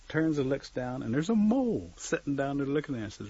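A man telling a traditional story aloud, animated, swinging between loud and soft, with joking asides. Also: medium pitch, quick pace, hardly any pauses, slightly rough. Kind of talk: oral storytelling. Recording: dull lo-fi recording.

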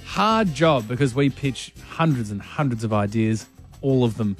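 An Australian man co-hosting a radio show, playful and quick to laugh, skimming over details in his stories. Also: mid-range voice, lively intonation, soft background music. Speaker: radio co-host. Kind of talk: casual radio banter. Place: radio studio.

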